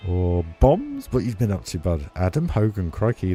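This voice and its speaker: Chatty man streaming, low mellow voice. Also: sing-song, slow. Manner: chatty, laughs often, reads chat aloud. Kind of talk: casual live-stream chat. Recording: faint music behind.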